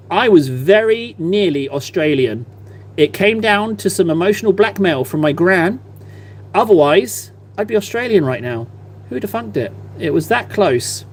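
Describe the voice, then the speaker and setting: Male streamer, thirties, higher-leaning voice, loose self-mocking chatter, faint hum on the track. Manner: rambling, chatty, self-deprecating. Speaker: live-stream painter. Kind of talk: casual live-stream chat.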